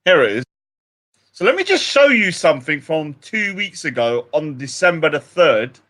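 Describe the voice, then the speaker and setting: Man, young, British accent, casual livestream chat, rambling, self-deprecating, bright tone. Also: a little high, very animated, moderate pace. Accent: British English. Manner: rambling, self-mocking, chatty. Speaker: livestream host.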